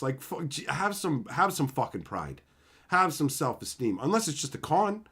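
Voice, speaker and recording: A man's voice: fairly high pitch, sing-song, moderate pace, fairly bright tone, husky. A young man hosting a livestream, ranting in a brash, profane, swaggering way. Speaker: livestream host. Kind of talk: casual livestream rant.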